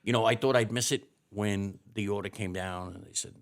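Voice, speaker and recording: Storytelling older man with a low voice. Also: fairly even intonation, brisk. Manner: rambling anecdotes with many restarts. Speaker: retired fire chief, guest. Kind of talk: interview storytelling.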